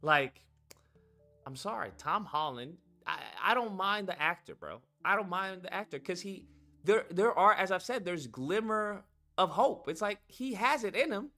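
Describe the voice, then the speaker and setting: A man ranting in casual chat, reading chat comments aloud, animated and profane, repeating himself for emphasis. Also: high-pitched, normal speed, faint music behind. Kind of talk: heated casual rant.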